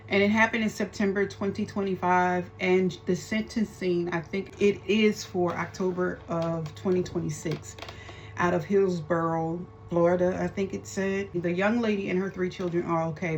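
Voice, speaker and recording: A woman's voice: on the low side, a little mellow, slight background noise. A woman hosting a faith-based commentary vlog, talking to her viewers in a fervent, preacher-like way. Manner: addresses viewers as y'all. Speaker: host.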